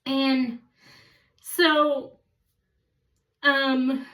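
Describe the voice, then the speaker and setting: High-voiced woman telling a slow story. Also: little pitch movement, a bit bright, recorded from a distance. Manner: rambling, stops to correct herself. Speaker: vlogger. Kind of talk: casual storytelling.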